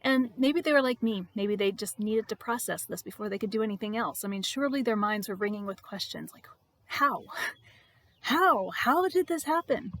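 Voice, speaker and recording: A woman reads her own devotional writing aloud in an expressive, reflective way. She leans on repeated words for emphasis. Her voice is pitched in the middle for a woman. It is recorded close up in a dry space with no echo. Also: fairly quick, few pauses. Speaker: vlogger reading her devotional blog.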